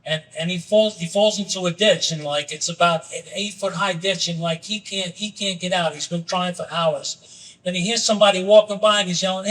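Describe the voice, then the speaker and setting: A man's voice: sits high, steady tone, normal speed, fairly bright tone, distant mic, low-quality recording. A man talking as a podcast guest, earnestly telling a story and acting out its characters in a raised voice. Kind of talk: candid conversation with storytelling.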